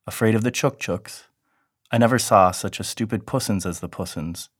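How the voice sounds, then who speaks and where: A man's voice: medium pitch, lively intonation, moderate pace, no room sound, studio quality, voice pushed up, close to an everyday voice. A man reading a man's teasing baby talk to his cat, cooing, as part of a read-aloud novel passage. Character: gentle middle-aged man talking baby talk to cat.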